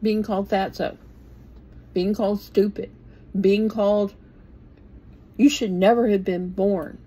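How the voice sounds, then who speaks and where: A woman's voice: medium pitch, fairly even intonation, a little slow, dark tone, slightly rough, low-quality recording. A woman in her sixties giving an informal, plainspoken Bible talk, blunt and with the odd swear word. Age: 60s. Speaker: bible teacher.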